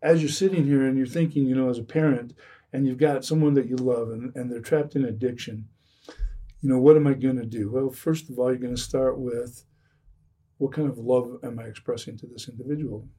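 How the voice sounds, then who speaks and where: Earnest man, mellow husky voice. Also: medium pitch, steady tone, a little fast, distant mic. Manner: earnest, repeats phrases, restarts sentences. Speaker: addiction recovery speaker. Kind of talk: earnest podcast conversation.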